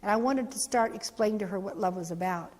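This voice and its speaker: A woman, an organization's founder, giving an animated storytelling talk for a training video, acting out the voices she quotes. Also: mid-range voice, fast talker, big-room sound.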